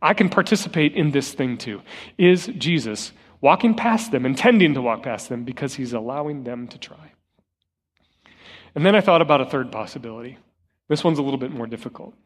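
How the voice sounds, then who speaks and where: A man's voice: mid-range voice, expressive, brisk. A middle-aged man, an interim lead pastor, preaching a conversational sermon with storytelling and rhetorical questions in a church sanctuary. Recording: long reverb of a church hall.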